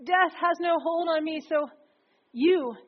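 A woman preacher delivering a sermon in a conversational, energetic way, often slipping into acted quotes. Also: very high-pitched, slow pace. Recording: dull lo-fi recording.

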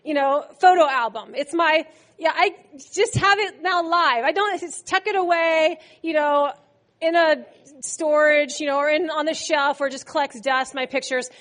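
A middle-aged woman preaching a sermon, telling the story in an animated way and acting out quotes with laughter. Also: high-pitched, moderate pace.

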